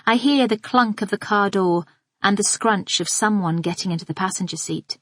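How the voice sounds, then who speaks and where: A woman narrating a first-person psychological thriller audiobook in a steady, measured reading. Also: mid-range voice, dry recording.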